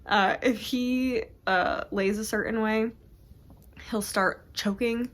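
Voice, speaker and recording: A woman's voice: a little high, fairly even intonation, slow pace. A young woman chatting casually about books at home for her vlog, rambling and interrupting herself. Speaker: book vlogger. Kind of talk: casual chat.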